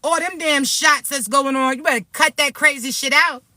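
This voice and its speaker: Forceful, profane woman spiritual reader. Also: high-pitched, normal speed, no echo. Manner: blunt, profane, fired-up warnings; talks hard and streetwise. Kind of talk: direct-to-camera spiritual vlog.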